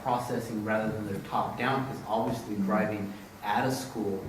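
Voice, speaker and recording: A man in a conference audience giving a thoughtful comment, pausing with fillers. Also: fairly low pitch, fairly even intonation. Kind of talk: discussion comment. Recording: roomy, distant mic with audible hiss.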